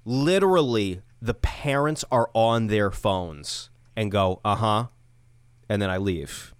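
A man's voice: fairly low pitch, lively intonation, slow pace, clean tone, no room sound. A young man co-hosting a podcast, telling an exasperated story with lots of swearing. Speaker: podcast co-host. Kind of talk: casual storytelling chat.

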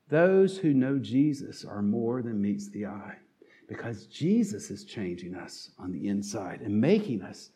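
Southern guy from north carolina giving a sermon, folksy, lots of uh's, mellow tone. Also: mid-range voice. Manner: earnest, folksy, with frequent "uh" fillers. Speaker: lay preacher.

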